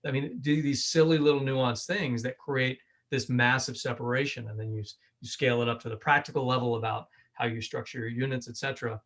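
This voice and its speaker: A man's voice: mid-range voice, fairly even intonation, a little fast, few pauses, fairly bright tone. A man in his forties giving a conversational keynote over a video call, often ending points with "right?" and restarting phrases. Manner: conversational, frequent 'right?' tags and restarts. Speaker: keynote speaker.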